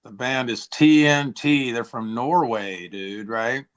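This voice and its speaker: A man in his forties, a musician guest from Tennessee, chatting casually and rambling with a hoarse, throat-clearing voice. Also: medium pitch, slow. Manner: rambling, says "like" and "dude" a lot. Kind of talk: casual interview chat.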